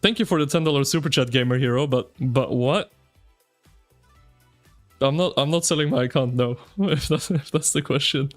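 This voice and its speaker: A man streaming live, chatting with his viewers in an excitable, slangy, ranting way. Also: mid-range voice, normal speed, faint music behind. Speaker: game streamer. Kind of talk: casual live-stream commentary.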